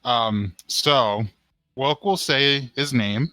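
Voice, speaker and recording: A man's voice: mid-range voice, extremely slow, pushed and bright, dry recording. A man playing a tabletop game, thinking aloud and announcing what his character does. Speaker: player. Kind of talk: casual chat.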